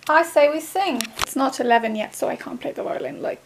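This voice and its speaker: A young woman vlogging casually while sick with a fever, talking softly and often dropping to a whisper. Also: high voice, brisk, vocal fry, noisy background. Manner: soft, tired, often drops to a whisper. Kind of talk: casual vlog chat.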